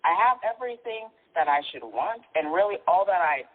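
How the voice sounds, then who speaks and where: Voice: medium pitch, animated, a little fast. A caller on a radio show who talks in a candid, chatty way. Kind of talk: casual phone chat. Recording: tinny phone line.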